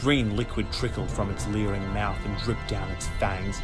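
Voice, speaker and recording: A man's voice: lowish voice, fairly even intonation, moderate pace, over loud music. Man dramatically narrating a spooky storybook. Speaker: audiobook reader.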